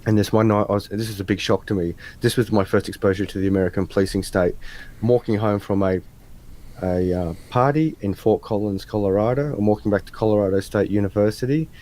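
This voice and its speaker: An Australian man on a video call, telling casual anecdotes in an animated way, acting out the people in his stories. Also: fairly low pitch, quick pace. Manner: animated anecdote teller, acts out voices in stories. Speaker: interviewer. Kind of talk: casual storytelling chat. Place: home room with adjustable lights.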